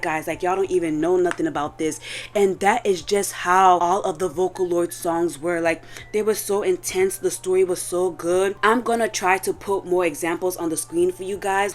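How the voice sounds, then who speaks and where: A young adult woman recapping a story in casual chat, animated and slangy, with lots of fillers. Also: medium pitch. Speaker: video creator.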